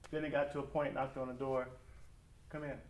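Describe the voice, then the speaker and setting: A middle-aged man preaching as a pastor in a conversational, animated way, acting out family conversations. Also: medium pitch, fast talker, a little hiss or hum. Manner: animated, acts out family dialogue. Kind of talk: conversational sermon talk. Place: church or school hall. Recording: echoey room, mic from a distance.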